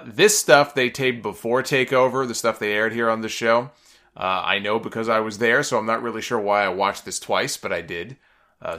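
A man's voice: mid-range voice, pushed and bright. A man hosting a podcast, giving a casual, opinionated recap in a chatty way with frequent fillers. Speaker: wrestling recap podcast host.

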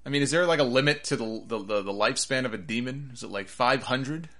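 A man's voice: mid-range voice, fast, bright, forceful tone. A man hosting a wrestling podcast, rambling and sarcastic in casual commentary.

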